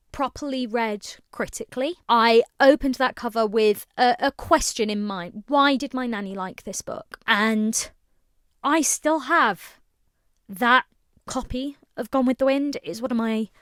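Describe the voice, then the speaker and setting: A woman's voice: a little high, a little slow, no room sound, studio quality. A woman in her late twenties, a book content creator, giving an earnest, emotional book review while tired. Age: late 20s. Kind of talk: casual book review to camera.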